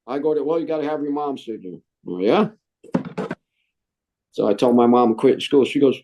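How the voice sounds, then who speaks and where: A middle-aged man, a Marine veteran, telling his story in an interview, animated and acting out the voices he quotes. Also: fairly high pitch, brisk.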